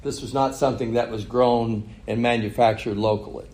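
A man's voice: medium pitch, steady tone, normal speed, a little mellow, reverberant, rough recording. A man preaching a sermon, retelling a story with chuckles and rhetorical questions. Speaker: pastor.

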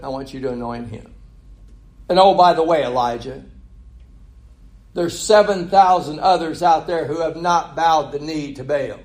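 A man voicing God as a gentle, patient male figure, speaking quietly and coaxingly. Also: fairly high pitch, close to an everyday voice. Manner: soft and quiet, coaxing, repeating the name.

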